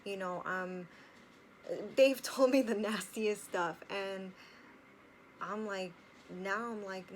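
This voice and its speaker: A woman talks openly and warmly to her viewers in a casual home vlog, leaning on "you know" as she goes. Her voice sits in a middle pitch, and a faint background noise hums under the recording. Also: fairly even intonation, a little slow, rough recording. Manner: chatty and earnest, with frequent "you know" fillers. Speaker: vlogger. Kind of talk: casual personal vlog talk.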